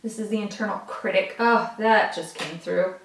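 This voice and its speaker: Excitable woman tarot reader, roomy sound. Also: medium pitch, normal speed, a little hiss or hum. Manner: chatty, excitable, talks straight to viewers. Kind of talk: casual tarot reading to camera. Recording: roomy, from a distance.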